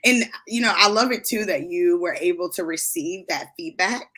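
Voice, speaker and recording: A woman's voice: on the low side, normal speed, a bit bright. A woman guest in a casual live-stream chat over a video call, agreeing often and explaining points in a friendly way. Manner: affirming, lots of "absolutely" and laughs.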